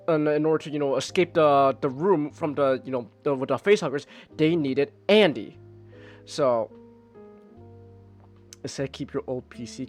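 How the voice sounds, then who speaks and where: Rambling man reviewing a movie. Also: a little high. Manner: rambling, many restarts and fillers. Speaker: podcast host. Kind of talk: casual movie review chat.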